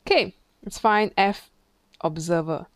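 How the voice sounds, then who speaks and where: A woman's voice: fairly low pitch, measured pace, dry recording, clean studio sound. A woman physics tutor, talking through an exam question in a chatty way, thinking aloud and imitating sounds. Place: classroom.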